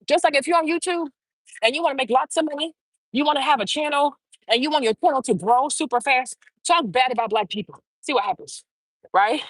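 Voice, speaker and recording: A woman's voice: sits high, fairly quick, no echo, rough recording. A woman hosting her own show, delivering an opinionated commentary monologue in a blunt, emphatic way, firing off rhetorical questions. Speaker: show host.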